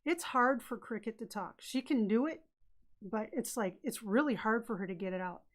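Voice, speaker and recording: A woman's voice: fairly high pitch, animated, normal speed. A woman co-hosting a live stream in casual chat. She tells stories and often jumps in while her co-host talks. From Idaho, USA. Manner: chatty storyteller, jumps in often.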